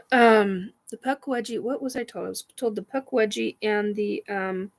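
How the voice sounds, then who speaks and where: A woman's voice: mid-range voice, a little slow, rough recording. A woman hosting a casual paranormal chat stream, rambling with many fillers, defiant and swearing.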